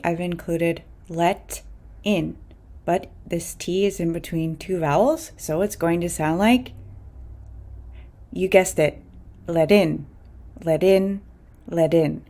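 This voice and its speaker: A woman teaching English pronunciation, repeating example words clearly and deliberately. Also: on the low side, a little mellow. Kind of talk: scripted pronunciation lesson.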